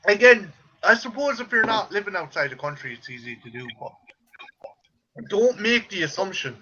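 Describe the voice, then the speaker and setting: A man's voice: sits high, animated, normal speed, noisy background. An Irish man in casual, profane, joking chat while watching a movie with friends. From Ireland. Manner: profane, jokey, puts on mocking voices. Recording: dull lo-fi sound.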